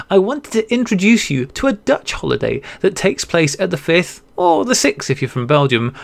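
Man, podcast host, gravelly, higher voice, giggly, reads listener emails. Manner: giggly, laughs through mispronunciations. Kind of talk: casual chat reading listener emails.

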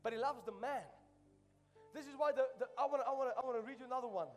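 A man's voice: very high voice, very fast, big-room sound, soft background music. A man preaching a sermon in a church, impassioned and repeating phrases for emphasis. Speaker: pastor. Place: church sanctuary.

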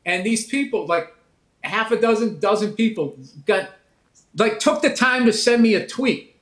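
A high-pitched, middle-aged man riffs in a casual interview, mocking things and slipping into quick impressions. The room gives his voice a roomy echo. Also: fairly bright tone. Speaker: comedian guest.

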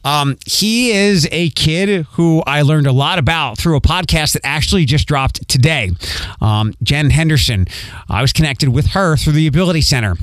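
On his podcast, a Philadelphia man with a light accent rambles through a casual monologue, often repeating himself and filling gaps with um. His pitch is fairly high, and the recording is dry.

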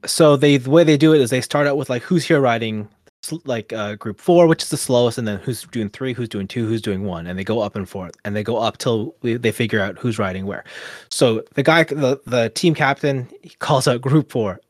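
A man's voice: medium pitch, a little fast, no echo, studio quality. A man, co-hosting a podcast and telling a long casual story full of fillers and quoted asides. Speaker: podcast co-host.

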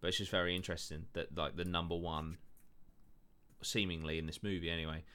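A man's voice: low-pitched, little pitch movement, brisk, sharp tone, a little hiss or hum. A man hosting a podcast, telling stories in loose casual chat, full of fillers and swearing. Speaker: podcast host.

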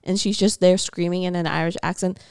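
A woman's voice: fairly low pitch, fairly even intonation, a little fast, creaky, darkish tone, clean tone, no room sound, clean studio sound. A woman in casual film chat with co-hosts, rambling, laughing often and swearing offhand. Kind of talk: casual chat about films.

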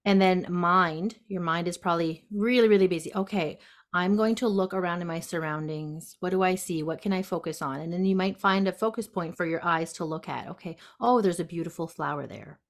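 A woman guest on a podcast, gently explaining step by step how to handle anxiety, acting out the inner voice. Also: fairly low pitch, a little fast. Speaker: guest, intuitive health practitioner. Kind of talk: casual podcast conversation. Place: sunroom at home.

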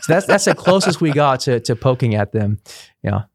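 A man's voice: mid-range voice, very animated, moderate pace, gravelly. Chatty laughing man telling stories. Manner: chatty, laughing, frequent restarts. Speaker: priest guest. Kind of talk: casual interview storytelling.

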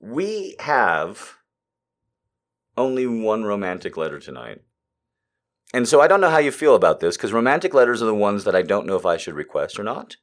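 A man hosting a live show in a casual, rambling, sardonic way, swinging between loud bursts and quiet asides. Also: on the low side, very animated, normal speed. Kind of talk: casual live-stream chat.

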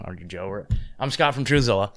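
A man's voice: fairly low pitch, animated, fast talker, a bit bright. Easygoing male host, casual filler-heavy chat, clean resonant tone. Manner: laid-back, filler-heavy, friendly. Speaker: podcast host.

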